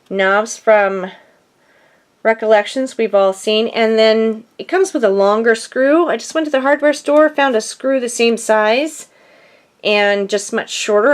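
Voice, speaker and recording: A middle-aged woman chatting casually in her home craft studio, rambling and a bit out of breath. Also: fairly high pitch. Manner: rambling, chatty, self-deprecating. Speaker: crafting vlogger. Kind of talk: casual chat.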